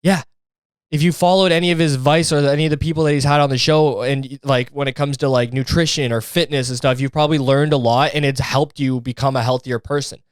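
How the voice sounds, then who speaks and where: A man's voice: medium pitch, fairly even intonation, fast talker, clean tone, no echo. A young man hosting a solo podcast, ranting in a sarcastic, profane, fired-up way into a close mic. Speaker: podcast host. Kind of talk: casual solo podcast rant.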